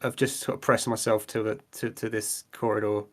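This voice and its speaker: A man's voice: lowish voice, flat delivery, brisk. A man playing a tabletop game, talking hesitantly and often repeating words. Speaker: player. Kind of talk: casual tabletop game chat.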